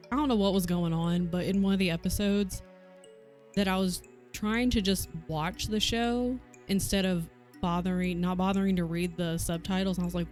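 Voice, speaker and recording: Southern-accented woman streamer, loose and profane, chatting over soft background music. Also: on the low side. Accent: Southern US, softened. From American South. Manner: swears freely, chatty, laughs often. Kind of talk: casual chat while coworking. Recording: faint music behind.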